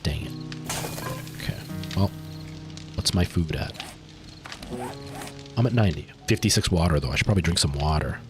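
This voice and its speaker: A man's voice: a bass voice, moderate pace, long pauses, over music. A man livestreaming a game, chatting casually and rambling to his chat while he plays. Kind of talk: casual gameplay stream chat.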